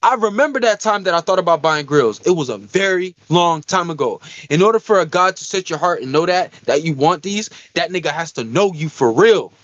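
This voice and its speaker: A man's voice: on the high side, animated, brisk, few pauses, fairly bright tone, no room sound, muffled recording. A young man co-hosting a casual podcast, telling a rambling, profane story. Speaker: podcast co-host.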